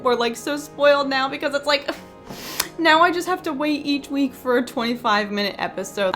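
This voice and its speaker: A woman's voice: medium pitch, a bit bright. A woman giving a chatty, unscripted episode review in a tired late-night voice, gushing and saying "like" a lot. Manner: chatty and gushing, with many filler "like"s.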